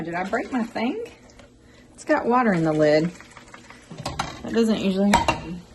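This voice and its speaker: A woman's voice: mid-range voice, very noisy. Chatty woman in an echoey kitchen. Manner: chatty, folksy, talks to viewers as "y'all". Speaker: cooking show host. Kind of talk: casual home cooking vlog. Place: home kitchen. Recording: echoey kitchen, mic far off, loud kitchen clatter. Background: dishes and pans clattering.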